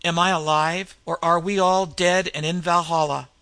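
A man's voice: fairly high pitch, level tone, moderate pace, bright, forceful tone, dry recording. A man voicing a dazed, grim young barbarian warrior in a read-aloud fantasy tale. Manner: hazy, dazed delivery.

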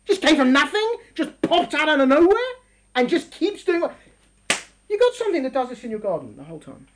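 A middle-aged woman teaching a lesson in an emphatic, animated way, full of rhetorical questions. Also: sits high, a little fast, a little hiss or hum. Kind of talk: lively classroom lesson.

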